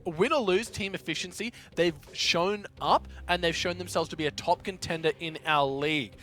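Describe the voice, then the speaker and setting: A man casting a live esports tank match with energetic, playful play-by-play. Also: sits high, normal speed. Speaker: esports caster.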